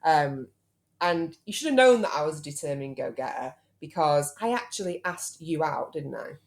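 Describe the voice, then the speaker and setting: A woman's voice: deep voice, animated, normal speed. A British woman in her thirties hosting a podcast, chatty and teasing in casual talk with her husband. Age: 30s. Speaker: podcast host. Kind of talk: casual chat.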